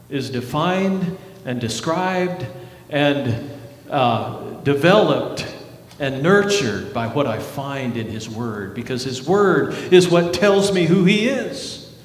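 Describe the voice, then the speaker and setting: A male pastor preaching a sermon at a slow, deliberate pace, his voice a touch higher than most men's. He builds earnestly to emphatic peaks and sinks into hushed lines. The sound rings with the long reverb of a church hall. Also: animated. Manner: earnest preaching with rising emphasis and dramatic drops. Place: church sanctuary.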